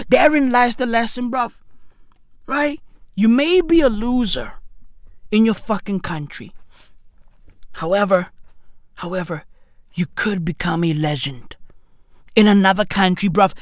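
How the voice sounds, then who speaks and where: A woman's voice: fairly high pitch, fairly bright tone, dry recording, studio quality. A woman delivering a profane, slangy comedic rant, keeps asking "right?" for emphasis.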